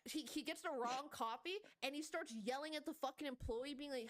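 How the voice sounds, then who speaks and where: A woman guest telling a story in casual chat, rambling quickly and swearing a lot. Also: sits high. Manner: rapid rambling, heavy swearing.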